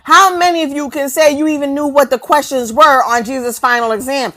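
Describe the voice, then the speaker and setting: A woman's voice: high-pitched, fairly even intonation, fairly quick, fairly bright tone. A woman delivering a confrontational, preachy rant to camera, mocking her targets and firing off rhetorical questions and repeated lines.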